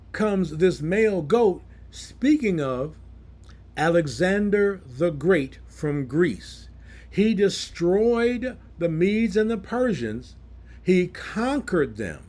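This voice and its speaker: A man's voice: on the high side, darkish tone. A man preaching a Bible teaching sermon, explaining scripture verse by verse in plain words.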